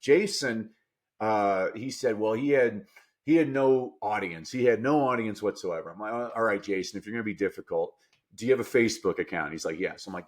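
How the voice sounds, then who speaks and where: A man speaking as a guest on a podcast, telling coaching stories with lots of energy, jumping from low asides up to loud, emphatic punchlines. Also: brisk. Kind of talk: animated storytelling in a podcast interview.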